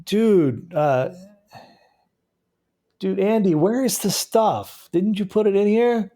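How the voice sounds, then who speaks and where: A man's voice: high voice, slow, mellow, pitched above the performer's own voice. A man voicing a confused young man who stammers in slang. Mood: flustered. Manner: flustered, stammering.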